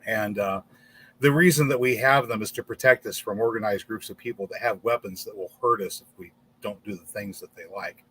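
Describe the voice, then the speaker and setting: A man's voice: fairly low pitch, fairly quick, fairly bright tone, husky. A man hosting a casual livestream in front of a green screen, rambling and stumbling over repeated words. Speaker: channel host.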